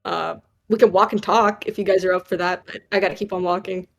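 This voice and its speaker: A woman's voice: lowish voice, steady tone, quick pace, vocal fry. Laid-back woman playing a tabletop game. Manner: laid-back, laughs often. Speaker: player. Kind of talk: casual tabletop game play.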